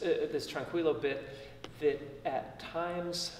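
A man's voice: medium pitch, normal speed, a little hiss or hum. A man teaching a violin master class, giving constructive feedback and thinking aloud with frequent restarts. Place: concert hall, indoors. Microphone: distant room mic. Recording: echoey hall from far off. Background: violin and piano playing.

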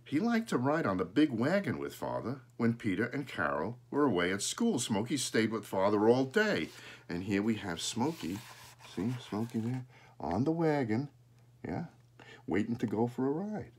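A man reading a children's story aloud, adding relaxed, chatty asides. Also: mid-range voice, moderate pace, breathy edge. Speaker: storybook reader.

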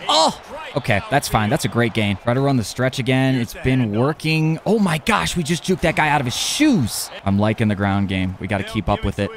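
A young man commenting on his own football video game as he plays, excitable and talking to himself, often yelling at plays. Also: medium pitch, fairly quick, few pauses. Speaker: gaming YouTuber. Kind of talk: live gameplay commentary.

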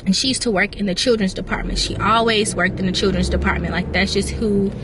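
A woman's voice: medium pitch, steady tone, a little fast, noisy background. A young woman vlogging casually, rambling candidly and emotionally and sometimes talking to herself. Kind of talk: casual reflective vlog chat.

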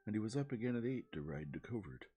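A man's voice: very animated, fast, slightly rough. A bluff, hearty old squire, as a man reads him aloud. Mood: jovial. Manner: bluff, loud, booming. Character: hearty jovial older country gentleman. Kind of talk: soft-spoken ASMR reading.

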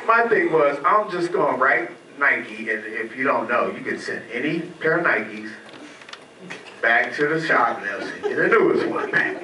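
A man works through an open-mic stand-up set on a comedy club stage, his pitch leaping all over as he makes goofy sound effects. His tone is bright and a little sharp, and he laughs at his own jokes. The recording is roomy and picked up from some distance, with a faint hum of the room underneath.

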